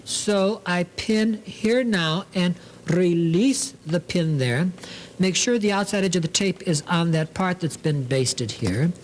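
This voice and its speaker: A man's voice: high voice, a little hiss or hum, rough recording. A man hosting a sewing demonstration, talking in a theatrical, camp way, full of 'lovely' and 'darlings'. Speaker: sewing show host.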